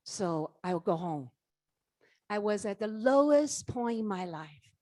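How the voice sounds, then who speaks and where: Middle-aged woman, animated motivational speaker on a stage mic, dry sound. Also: mid-range voice, measured pace, dry recording. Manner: animated storytelling, acts out dialogue, asks the audience questions. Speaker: network marketing leader giving a keynote. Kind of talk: motivational speech. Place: conference stage.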